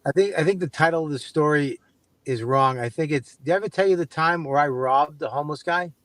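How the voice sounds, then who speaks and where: High-voiced man teasing his co-host. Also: a little fast, dry recording, rough recording. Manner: incredulous, teasing, scolding. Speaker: podcast co-host. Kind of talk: casual chat.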